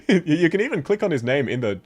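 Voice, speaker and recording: A man's voice: a little high, very animated, quick pace, breathy edge, soft background music. A man with an Australian accent, chatting casually on a game stream, laughing often as he answers chat.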